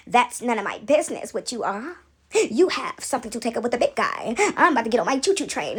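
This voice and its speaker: A woman's voice: fairly high pitch, very animated, quick pace, husky. An older woman talking casually about faith and acting out voices, playful and laughing often. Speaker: faith vlogger. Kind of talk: casual monologue, acting out God's voice.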